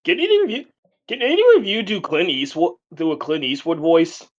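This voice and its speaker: A man's voice: high-pitched, huge pitch swings, fairly quick. A man joking about himself in casual podcast banter. His audio sounds a little dull and muffled, as if from a remote line. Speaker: podcast co-host.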